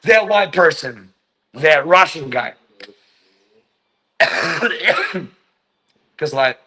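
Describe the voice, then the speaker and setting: A man's voice: fairly high pitch, very animated, bright, forceful tone, poor audio. A man from China speaking English as a second language in a casual vlog monologue, rambling, full of fillers and swearing. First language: Chinese. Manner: slow, rambling, swears a lot, many fillers. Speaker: vlogger.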